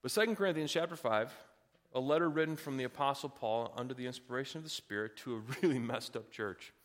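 A man's voice: mid-range voice, quick pace, big-room sound. A man pastor delivering a sermon with folksy asides, building to emphatic, rising passages.

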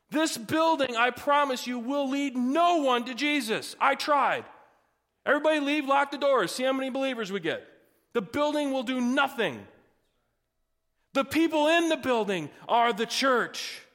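A man's voice: very high-pitched, pushed and bright, big-room sound. A man pastor delivering a sermon with folksy asides, building to emphatic, rising passages.

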